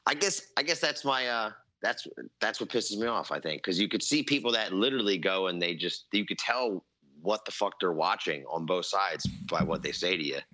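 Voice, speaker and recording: Low bright-voiced man in profane banter. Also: lively intonation, normal speed, low-quality recording. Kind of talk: casual chat.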